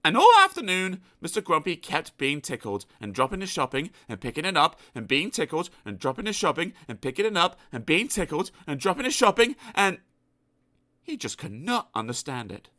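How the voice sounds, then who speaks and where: Brief: male storybook reader, playful and animated, bright forward voice. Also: a little high, fairly quick. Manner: animated, playful asides to the listener. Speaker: audiobook narrator. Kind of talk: children's storybook reading.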